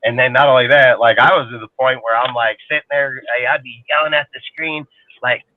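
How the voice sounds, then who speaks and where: A man's voice: medium pitch, steady tone, brisk, a little hiss or hum. A man talking football on a casual sports talk show, rambling, profane and heated. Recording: tinny phone-like line, dry.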